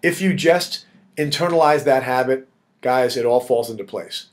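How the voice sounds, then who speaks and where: A man who leads a real estate network coaches viewers in a motivational video blog, speaking in a mid-range voice at normal speed. His pep talk is direct and emphatic, and he calls his audience "guys."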